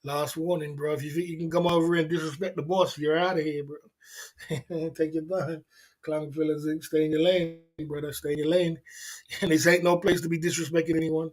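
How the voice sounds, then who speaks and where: A man's voice: on the high side, little pitch movement, moderate pace, darkish tone. A man hosting a late-night livestream chat, tipsy from drinking, hyped up, laughing often and repeating catchphrases. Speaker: livestream host.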